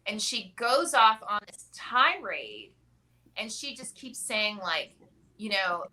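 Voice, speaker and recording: A woman at a middle pitch spins a casual personal story, full of "like" and "right?" as she goes. Steady noise and little clicks sit under her voice. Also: measured pace, poor audio. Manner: chatty, peppered with "like" and "right?". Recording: clear background noise with clicks.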